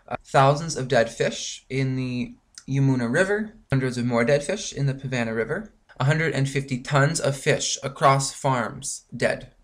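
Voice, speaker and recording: Guy from canada ranting on his vlog, pissed off, swearing a lot, lots of likes and ums. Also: mid-range voice. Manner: frustrated, profane, rambling with many fillers. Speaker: vlogger. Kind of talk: angry ranting monologue.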